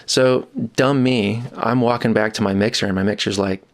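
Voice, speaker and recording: A man with a somewhat low voice recounts an on-set story in a relaxed, conversational way. He tells it with animated energy, his pitch leaping up whenever he quotes someone. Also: moderate pace. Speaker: boom operator and sound mixer guest. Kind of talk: casual storytelling anecdote.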